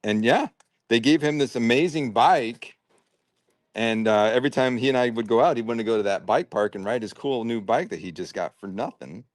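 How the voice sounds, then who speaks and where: A man's voice: medium pitch, brisk, dry recording. A man hosting a livestream, chatting casually and thinking aloud while he sorts and packs orders. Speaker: livestream host sorting and packing toy brick orders. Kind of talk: casual chat while working.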